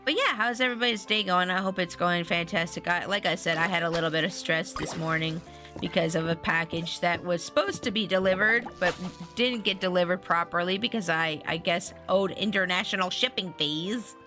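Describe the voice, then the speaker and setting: A woman streamer talks casually to her chat while playing a farming game. Her voice sits fairly low yet sounds bright and forceful, and she rambles, cutting herself off and starting over. Soft game music runs faintly beneath her. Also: brisk. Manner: rambling, chatty, often restarting sentences; talks to viewers and reads chat aloud. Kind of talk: casual live-stream chatter.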